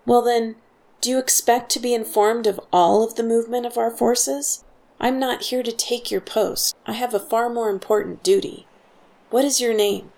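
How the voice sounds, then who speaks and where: A woman's voice: medium pitch, steady tone, moderate pace, creaky, warm tone, lightly acted. A woman voicing a young soldier impostor who talks down to guards in a commanding, cutting way. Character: young soldier impostor, bossy and sharp-tongued.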